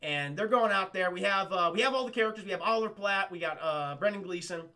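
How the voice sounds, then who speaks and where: A man casually retelling a film's plot to his live chat, swearing a lot, acting out lines and laughing loudly. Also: sits high, quick pace. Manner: profane, rambling, acts out lines and laughs loudly. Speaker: streamer reviewing a film for his chat.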